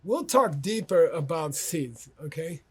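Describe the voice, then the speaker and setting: Man lecturing with a husky, raised voice. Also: on the high side, big pitch swings, measured pace. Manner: conversational, often checks in with "okay?" and "you know"; tells anecdotes about himself. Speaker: teacher. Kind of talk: lecture for an online course.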